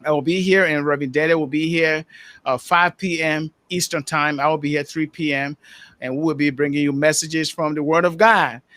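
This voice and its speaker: Upbeat Liberian-accented podcast host, clear resonant voice, fairly high. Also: male voice, fairly even intonation, moderate pace, a bit bright. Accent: Liberian English. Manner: upbeat, with many uh fillers. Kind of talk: live podcast sign-off.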